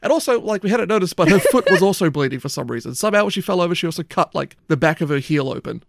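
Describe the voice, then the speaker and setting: A man's voice: high voice, animated, very fast, vocal fry, dry recording, clean studio sound. A man telling a long, rambling story in casual chat, swearing often. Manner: rambling anecdote, frequent swearing and "like".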